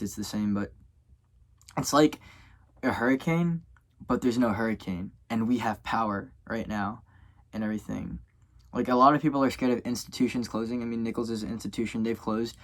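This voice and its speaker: A young man from Louisiana speaks to his camera. He rambles and keeps correcting himself, stopping often on fillers. He sounds tired, like someone who keeps yawning. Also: medium pitch. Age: young adult. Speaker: college student vlogger. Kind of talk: casual vlog talk to camera.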